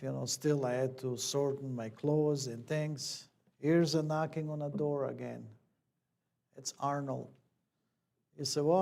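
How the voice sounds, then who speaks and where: A man's voice: medium pitch, creaky, darkish tone. A man, a church elder, telling a personal story in a plain conversational sermon, acting out the dialogue.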